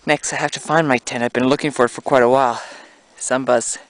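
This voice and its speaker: A man's voice: mid-range voice, fairly even intonation, brisk, no room sound, poor audio. A man from Canada narrating a casual outdoor vlog in a snowy forest, talking through each task and marveling at the scenery. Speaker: vlogger.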